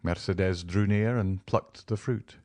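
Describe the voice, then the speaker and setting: With a deep voice, a male narrator delivers a classic novel as an audiobook, keeping his storytelling steady and measured. The scripted reading is dry and studio quality.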